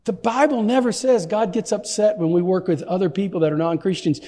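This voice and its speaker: A man from Texas, a pastor telling an animated, self-deprecating story with stammering restarts. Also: sits high, fairly quick, in a large hall. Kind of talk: anecdotal storytelling in an interview.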